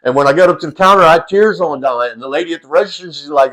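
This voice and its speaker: A man's voice: on the high side, very fast, a bit bright, rough recording. A middle-aged man, casually telling a funny personal story as a vlogger, folksy and profane, full of "you know" asides.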